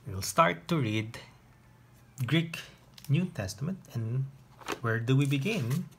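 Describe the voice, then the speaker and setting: Slow, patient male teacher. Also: medium pitch, animated, fairly bright tone, a little hiss or hum. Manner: patient, step-by-step explaining with pauses. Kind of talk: online lesson on reading biblical Greek.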